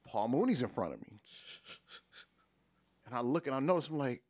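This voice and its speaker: A man from Detroit spins a long story in casual podcast talk, voice leaping up when he acts out what people said. His voice sits at a middling pitch, recorded dry and close with no room sound. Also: moderate pace, no echo. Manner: animated, profane, acts out quotes with big pitch jumps.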